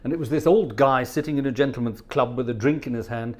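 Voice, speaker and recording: A man's voice: mid-range voice, quick pace. Chatty middle-aged male organist telling stories. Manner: chatty storyteller who hums choir parts and mimics voices. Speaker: organist and choir director. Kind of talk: casual anecdotal chat during a live stream.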